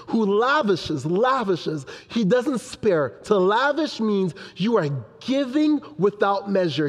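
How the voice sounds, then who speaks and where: A young man preaching a sermon in an animated way, acting out his children's voices. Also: high-pitched, in a large hall. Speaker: pastor.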